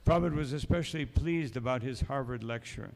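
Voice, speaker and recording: A man's voice: mid-range voice, quick pace. Man lecturing in an echoing temple hall. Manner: storytelling, reads passages aloud then adds asides. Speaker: monk lecturer. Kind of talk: morning lecture sermon.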